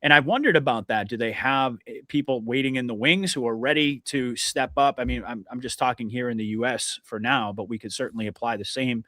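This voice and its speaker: A man's voice: mid-range voice, a little fast, hardly any pauses, pushed and bright, dry recording, studio quality. A man hosting a podcast interview, talking in an earnest, emphatic way with many restarts. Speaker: podcast host. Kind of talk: casual conversational interview.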